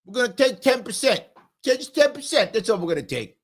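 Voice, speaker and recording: A man from New York voicing a pushy male mob boss demanding a favor in return, with smooth, menacing shakedown patter. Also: very high voice, very animated, a little fast, pitched above the performer's own voice, full character voice.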